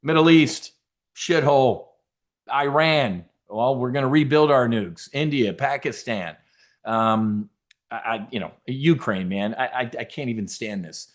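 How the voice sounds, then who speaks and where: A man's voice: medium pitch, unhurried. A man hosting a trading seminar in a brash, casual way, cracking jokes, swearing, and stumbling over restarts as he talks. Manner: brash, animated, swearing, jokey asides. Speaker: options trading host.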